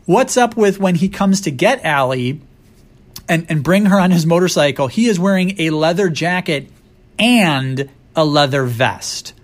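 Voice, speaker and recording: A man's voice: on the high side, lively intonation, measured pace. A man co-hosting a casual movie discussion, making wry, sarcastic asides. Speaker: podcast co-host.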